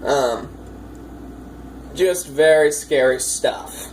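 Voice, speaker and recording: Woman game master, low voice, chatty and rambling, faint hiss on the track. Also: very slow, darkish tone, low-quality recording. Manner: chatty, rambling, many fillers, amused. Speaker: dungeon master. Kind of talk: casual storytelling of a tabletop campaign.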